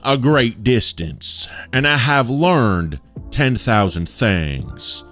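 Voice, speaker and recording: A man doing a slow, solemn ancient traveler. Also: medium pitch, very animated, fairly bright tone, faint music behind, voice pushed up, exaggerated voice. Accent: put-on Chinese. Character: ancient male traveler mourning a lost homeland.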